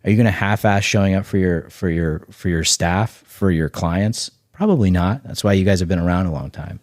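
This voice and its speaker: A man with a very low voice talks in loose, emphatic bursts, doubling back and repeating words as he goes. He swears casually, and the sound is dry and close. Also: a little fast, a little mellow, no room sound. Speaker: guest, snack bar founder. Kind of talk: casual podcast chat.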